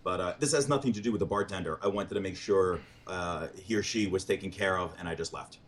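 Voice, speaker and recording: A man's voice: low voice, fast. A man, a comedian guest, telling dating stories in a casual interview and acting out what people said. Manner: animated, quotes people in dialogue.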